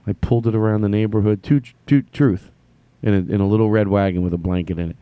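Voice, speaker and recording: A man's voice: on the low side, fairly even intonation, fast, no room sound, phone-quality sound. Dry-sounding rambling male podcast host. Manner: stammering, self-deprecating storytelling. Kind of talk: rambling comedic monologue.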